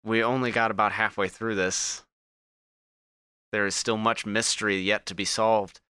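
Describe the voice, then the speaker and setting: A man hosting a tabletop gaming podcast, wrapping up the episode in a smooth, announcer-like way. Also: lowish voice, little pitch movement, normal speed, bright, forceful tone, no room sound, clean studio sound. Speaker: podcast host. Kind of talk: podcast outro, casual group chat.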